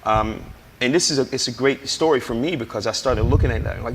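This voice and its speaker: A man's voice: medium pitch, fairly quick, in a large hall, slight background noise. A man, a guest, telling his recovery testimony in an emphatic, preacher-like way and acting out the dialogue he quotes. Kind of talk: personal testimony in conversation.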